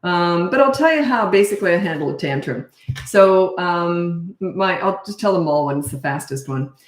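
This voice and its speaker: A middle-aged woman parenting coach answering questions in a blunt, brisk, no-nonsense way. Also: on the low side, animated. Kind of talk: casual Q&A advice. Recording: echoey room.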